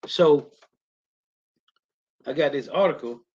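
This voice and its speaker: A man's voice: fairly high pitch, takes it slowly, darkish tone, husky, highs cut off. A man teaching a scripture lesson, commenting on film clips in an informal, preachy way, often adding "man" and "right?". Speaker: religious teacher.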